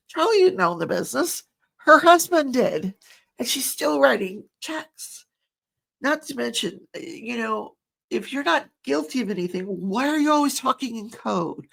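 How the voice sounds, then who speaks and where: A woman's voice: mid-range voice, vocal fry, a bit bright. A middle-aged woman recapping a trial in a chatty, rambling way, often laughing. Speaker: true crime commentator.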